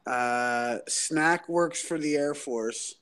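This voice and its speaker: A man joining a casual livestream chat, rambling excitedly with many filler words. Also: fairly high pitch, drawn-out words, smooth. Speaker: guest.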